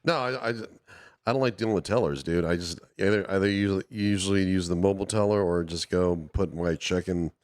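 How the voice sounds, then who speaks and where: A man chatting as a guest on a call-in show, talking in a hesitant, halting way, often laughing and trailing off. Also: sits low, darkish tone, no echo, clean studio sound. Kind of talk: casual chat.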